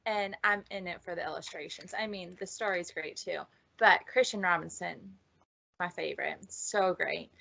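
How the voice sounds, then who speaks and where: Chatty, laughing librarian woman, bright tone, muffled video-call sound. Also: fairly low pitch, normal speed, gravelly. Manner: giggly, chatty, lots of fillers. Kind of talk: casual book chat.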